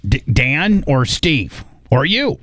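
A man in casual conversation, telling a lively story and acting out what others said. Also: fairly high pitch, slow pace, dry recording, clean studio sound. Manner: animated, acts out quotes of others. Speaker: guest recounting a trial.

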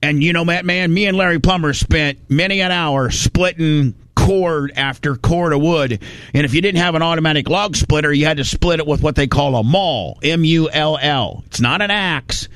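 Man, fairly high voice, rambling folksy storyteller, dry close mic. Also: moderate pace, a bit bright, no echo. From Indiana. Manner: rambling, folksy, restarts often. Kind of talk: casual storytelling.

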